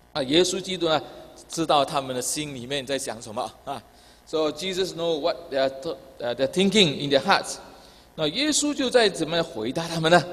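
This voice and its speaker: Man, Chinese accent, high voice, bilingual sermon, long hall echo. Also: normal speed, a bit bright. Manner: repeats each point in English after Chinese, many filler "ah" sounds. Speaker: pastor. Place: church hall.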